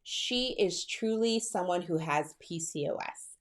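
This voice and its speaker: A woman fertility coach talking straight to camera in a chatty, excited and personal way, calling her viewers girl and sis. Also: lowish voice, a little slow. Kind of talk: direct-to-camera coaching talk.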